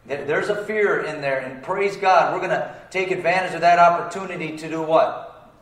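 Preaching pastor, roomy and distant. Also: male voice, fairly high pitch, moderate pace, a bit bright. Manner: call-and-response, asking for amens; plain colloquial speech. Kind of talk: sermon. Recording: roomy sound, distant from the mic.

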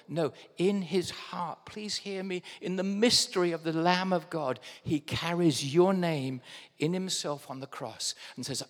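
An English man preaching a sermon to his congregation, animated and direct, dropping to a hush and then bursting out loud. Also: high-pitched, moderate pace, long reverb tail. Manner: addresses congregation directly as guys. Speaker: pastor. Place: church hall.

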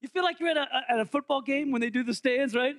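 A man's voice: very high-pitched, fast, a bit bright, no echo. A man preaching as interim pastor, in a playful, jokey way, quizzing his congregation during an interactive holiday sermon.

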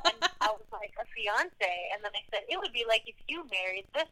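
Woman, guest, casual chat, bright tone, deadpan storytelling. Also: medium pitch, a little fast, low-quality recording.

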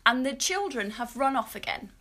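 A woman's voice: high-pitched, lively intonation, normal speed, bright, forceful tone. Giggly, playful English woman in her 30s. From England. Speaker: podcast co-host. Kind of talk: casual chat.

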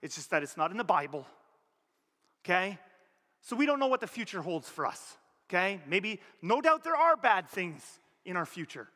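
Animated high-voiced man preaching in a hall. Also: moderate pace. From Canada. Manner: animated, conversational preaching with sudden rises and drops in pitch and volume. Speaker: pastor. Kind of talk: sermon. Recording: long hall reverb.

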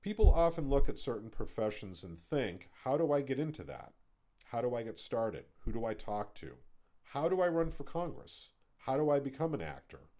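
A man's voice: mid-range voice, big pitch swings, normal speed, dark tone. A man who hosts a podcast, reading his own book aloud in a wry, dry storytelling manner full of rhetorical questions. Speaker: podcast host.

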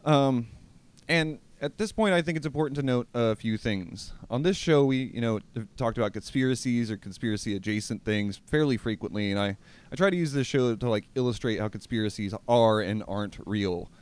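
Smooth-voiced man hosting a casual podcast. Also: medium pitch. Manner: chatty, laughs often, quick restarts. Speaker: podcast host. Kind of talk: casual history podcast chat.

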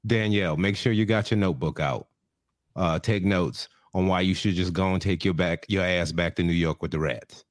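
A man's voice: low-pitched, moderate pace, no room sound, studio quality. A man co-hosting a podcast, talking emphatically and swearing freely in casual comedic chat. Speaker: podcast co-host.

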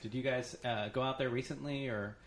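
A man's voice: medium pitch, fairly even intonation, brisk, reverberant, slight background noise. A man hosting a podcast, telling rambling stories full of fillers in casual chat. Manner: rambling, laughing storytelling with many fillers. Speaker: podcast host.

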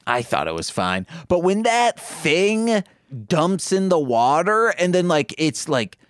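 A podcast co-host chatting casually about a movie and retelling its scenes with animated asides. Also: mid-range voice, takes it slowly, no room sound, clean studio sound.

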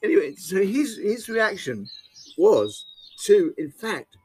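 A man's voice: sits high, big pitch swings, slow, a little mellow, slight background noise, low-quality recording. A man interviewed in a casual chat, telling a rambling anecdote and chuckling often.

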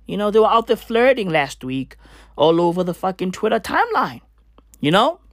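A woman's voice: medium pitch, sing-song, normal speed, dry recording, studio quality. Profane rambling woman in a comedic rant. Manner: repeats filler tags.

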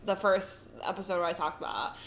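A woman in her twenties co-hosting a podcast, telling a story in casual chat, with animated delivery, frequent swearing and constant "like". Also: lowish voice, a little fast, gravelly. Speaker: podcast co-host.

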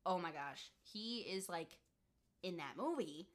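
A woman's voice: on the low side, animated, unhurried. A young woman chatting casually about horror movies, rambling with lots of fillers and laughs. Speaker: podcast co-host. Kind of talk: casual chat.

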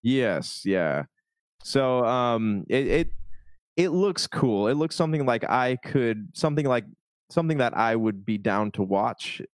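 A man's voice: mid-range voice, expressive, a little slow, no room sound. A man in a casual movie chat, hesitant, restarting his sentences often. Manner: hesitant, lots of restarts and likes.

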